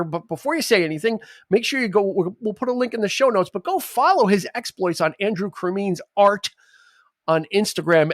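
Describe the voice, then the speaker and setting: A man's voice: high-pitched, no echo, studio quality. A man co-hosting a podcast in a jokey, casual way, often trailing off or restarting. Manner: jokey, talks over others and trails off. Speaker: podcast co-host. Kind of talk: casual chat.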